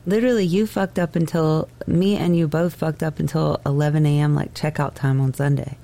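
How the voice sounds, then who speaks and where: A woman's voice: deep voice, fairly even intonation, a little fast, creaky, dark tone. A woman co-hosting a podcast in casual chat, often laughing and cutting in to correct her husband. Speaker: podcast co-host.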